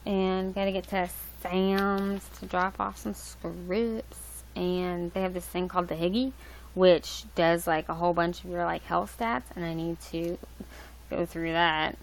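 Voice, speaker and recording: A woman's voice: fairly low pitch, fairly even intonation, a little slow, creaky, a little hiss or hum, low-quality recording. A young woman hosting a livestream, rambling loosely with lots of fillers and restarts. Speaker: livestream host. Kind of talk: casual rambling chat. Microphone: laptop mic.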